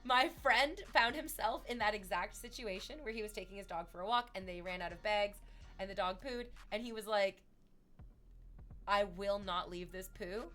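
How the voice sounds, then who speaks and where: A young adult woman, chatting casually on a stream, rambling and self-deprecating with loud outbursts. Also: medium pitch, a little fast.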